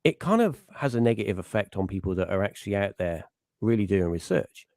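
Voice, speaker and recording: A middle-aged podcast host chats casually in a fairly low, darkish voice, brisk and lively in intonation. The sound is studio-clean with no room tone. He rambles, interrupts himself and breaks off to act out little quotes.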